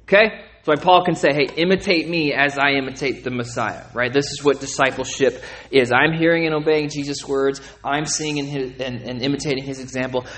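A man preaching a sermon in a conversational way, often asking "okay?" and "right?", repeating and restarting words, and rising in pitch and volume when he gets emphatic. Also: steady tone, fairly quick, hardly any pauses, fairly bright tone. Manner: conversational, asks listeners to check in with "okay?" and "right?". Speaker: pastor.

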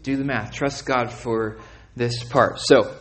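A man preaching a sermon in a conversational way, often asking "okay?" and "right?", repeating and restarting words, and rising in pitch and volume when he gets emphatic. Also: steady tone, takes it slowly, fairly bright tone. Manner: conversational, asks listeners to check in with "okay?" and "right?". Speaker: pastor.

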